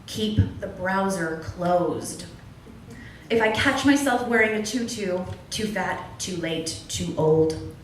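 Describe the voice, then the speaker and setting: A woman's voice: medium pitch, slow pace, a little hiss or hum. A young adult woman at an open mic, performing spoken word poetry in an earnest, candid way with wry humor. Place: small club at an open mic. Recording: distant echoey room recording.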